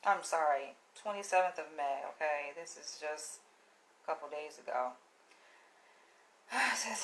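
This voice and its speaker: Bright-voiced blunt woman ranting. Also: medium pitch, measured pace, low-quality recording. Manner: exasperated, blunt and animated, with profanity. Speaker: YouTuber. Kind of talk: casual vlog rant.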